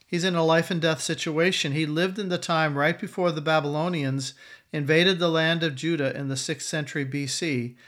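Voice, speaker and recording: A middle-aged man hosting a Bible teaching podcast, speaking in an earnest, measured way straight to the listener. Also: on the high side, fairly even intonation, a bit bright. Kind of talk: scripted devotional podcast teaching.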